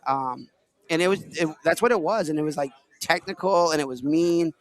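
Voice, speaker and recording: A man's voice: on the high side, normal speed. A man from Illinois hosting a casual podcast, talking in a rambling, filler-heavy way. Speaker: podcast host. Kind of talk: casual chat.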